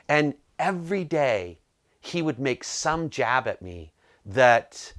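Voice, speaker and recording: A middle-aged man from the United States, a business coach telling a personal story to camera and acting out the dialogue in lively bursts. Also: normal speed. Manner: animated, acts out dialogue with rising pitch.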